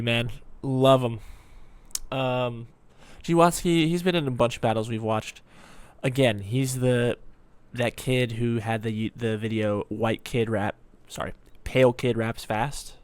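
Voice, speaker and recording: A man hosting a reaction video, musing aloud with rambling commentary and frequent ums. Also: medium pitch.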